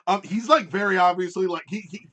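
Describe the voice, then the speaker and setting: Give me a man narrating as game master of a tabletop game. His voice sits slightly high, and he rambles with many fillers. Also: a little fast, pushed and bright.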